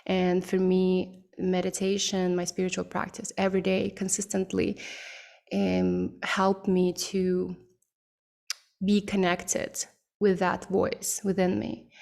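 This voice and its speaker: A woman speaking slowly and thoughtfully as a podcast guest, with frequent ums and pauses. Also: medium pitch, vocal fry, a little mellow. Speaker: podcast guest, mindset coach. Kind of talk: relaxed podcast conversation.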